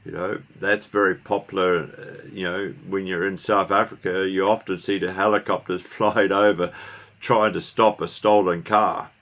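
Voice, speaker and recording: Middle-aged man, lowish voice, rambling casual vlog to camera, keeps quizzing viewers. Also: level tone, normal speed, fairly bright tone. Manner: rambling, asks viewers questions, restarts. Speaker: car vlogger. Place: New Zealand.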